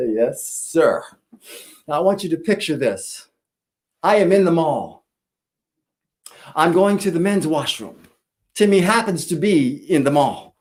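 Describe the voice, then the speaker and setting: Man, school principal, storytelling speech; somewhat high, very animated pitch, dramatic pauses.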